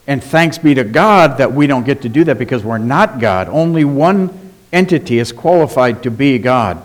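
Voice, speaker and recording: A man preaching a sermon as pastor, emphatic, asking rhetorical questions and slowing down on key words. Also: mid-range voice, expressive.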